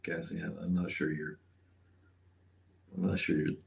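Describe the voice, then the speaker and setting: Low-voiced sarcastic, profane male host. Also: level tone, measured pace, gravelly. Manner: profane, sarcastic, laughs often. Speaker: podcast host. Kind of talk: casual livestream chat.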